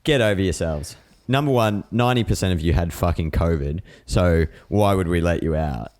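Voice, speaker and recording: A man's voice: low-pitched, moderate pace, darkish tone. A man co-hosting a casual chat podcast, blunt and sweary as he rants. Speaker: podcast co-host.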